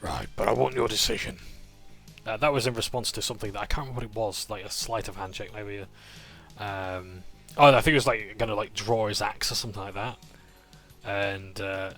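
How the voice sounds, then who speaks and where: A man's voice: fairly low pitch, steady tone, fairly quick, fairly bright tone, faint music behind. A man recapping a tabletop game session in a casual, rambling way. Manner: rambling, with fillers and restarts.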